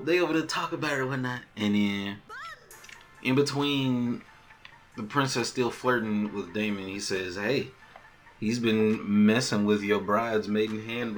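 A man hosting a podcast, recapping a TV episode in a loose, animated way and acting out the characters' lines. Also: lowish voice. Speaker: podcast host.

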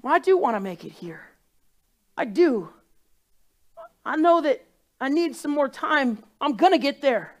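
A woman's voice: high voice, animated, unhurried, pauses often. A woman preaching a sermon to a congregation in a church room, impassioned and repeating herself for emphasis. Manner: impassioned, building to loud crying pleas.

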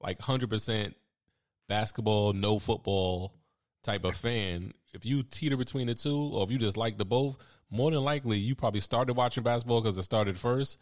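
A man co-hosts a sports podcast with a laid-back, slangy delivery and a somewhat low voice. He laughs often as he talks through his points. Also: normal speed. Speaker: podcast co-host. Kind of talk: casual sports chat.

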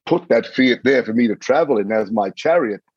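A man, a podcast guest, telling a story in an earnest, animated way. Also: mid-range voice, fairly quick, slightly rough, no room sound, dull audio. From Australia. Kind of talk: storytelling in conversation.

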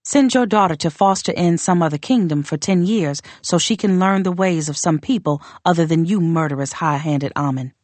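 A woman's voice: lowish voice, dry recording, natural voice. Woman reading as a proud, blunt warrior queen. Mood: cold, demanding. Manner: measured, formal, quietly contemptuous. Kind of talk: audiobook character reading.

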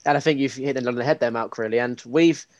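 A man's voice: mid-range voice, fast talker, no room sound, dull audio. A man hosting a casual podcast interview, asking friendly, probing questions. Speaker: podcast host.

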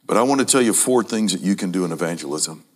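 A man preaching a sermon to a congregation, emphatic, repeating key phrases and speaking to the audience as ladies and gentlemen. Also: low voice, animated, fast.

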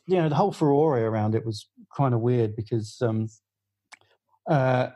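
Middle-aged male guest, music journalist, warm low-key tone, chatty rambling anecdotes. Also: normal speed, poor audio. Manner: rambling storyteller with many fillers and restarts. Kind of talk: casual podcast anecdote.

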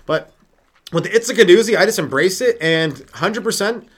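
Male stand-up host, slightly high voice, loose riffing delivery, very lively intonation. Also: normal speed, slightly rough. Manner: rambling, riffing, lots of fillers and sudden voice jumps. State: sleep-deprived. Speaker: stand-up comedian and podcast host. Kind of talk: solo comedy podcast rant.

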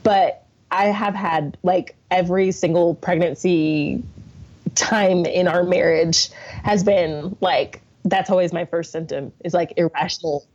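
A young adult woman, a podcast guest, telling stories in an animated way and often laughing through casual conversation. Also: fairly low pitch, a little slow. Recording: dull lo-fi sound.

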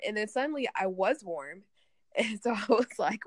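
A woman's voice: mid-range voice, fast, no echo. A woman in casual conversation, rambling and chatty and laughing often. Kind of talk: casual chat.

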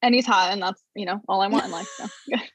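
Easygoing woman guest, slightly breathy. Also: medium pitch, fast. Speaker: podcast guest. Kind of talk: casual chat.

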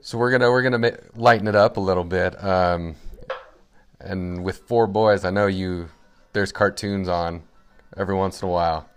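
A man's voice: sits low, steady tone, moderate pace, clear, resonant tone. A man hosting a casual interview, playful and teasing with his guest. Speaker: podcast host.

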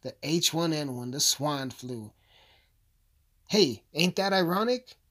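A man's voice: a little high, expressive, slow pace. Man ranting with constant swearing. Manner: loud, swearing, rambling rant full of asides. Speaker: vlogger. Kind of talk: profane comedic rant.

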